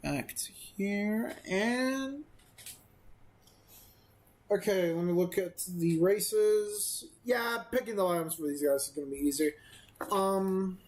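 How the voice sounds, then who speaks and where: Game commentator, casual let's-play talk, unhurried pace, rambling, self-amused, filler-heavy. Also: mid-range voice, animated, darkish tone, rough recording. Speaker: gaming video creator.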